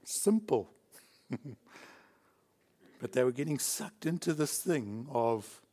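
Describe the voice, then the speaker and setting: A man's voice: mid-range voice, expressive, slow, long pauses, dark tone. A man from South Africa preaching a sermon in a church, emphatic and chuckling between points. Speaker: pastor.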